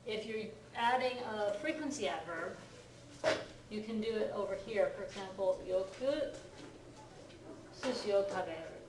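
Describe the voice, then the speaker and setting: A woman's voice: mid-range voice, a little slow, pauses often, heavy background noise. A woman teaching a grammar lesson in a classroom, patiently checking that the class follows with frequent "right?" and "okay?". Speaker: Japanese language teacher. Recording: echoey classroom from far off.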